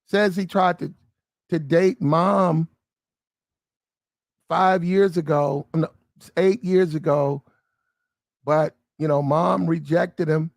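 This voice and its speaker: A man delivering animated commentary as a vivid story full of street slang. His voice sits high for a man and sounds dry and close. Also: slow, gravelly, pauses often, dry recording.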